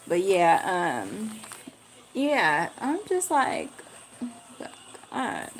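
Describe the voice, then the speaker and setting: A woman's voice: medium pitch, huge pitch swings, very slow, pauses often, slight background noise. A young woman ranting on a casual livestream, blunt and profane. She piles up slangy asides and talks with lots of animation. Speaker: livestream host.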